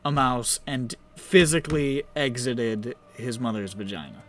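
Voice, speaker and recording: A man's voice: mid-range voice, unhurried, faint music behind. A man joking around and bantering during a casual tabletop game session. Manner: jokey, animated banter. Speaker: player. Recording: faint background hiss.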